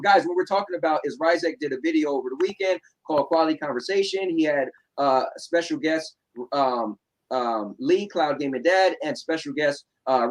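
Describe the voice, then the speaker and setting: A man's voice: a little high, rough recording. A man from New Jersey with a New Jersey accent, hosting a casual chat show from home, talking bluntly and sarcastically. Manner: blunt, sarcastic, repeats "right?". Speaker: show host.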